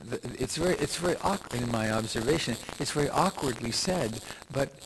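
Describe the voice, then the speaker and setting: Older guy giving a dharma talk, gravelly voice, wanders a bit, noisy recording. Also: medium pitch. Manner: reflective, meandering with restarts and asides. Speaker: meditation teacher.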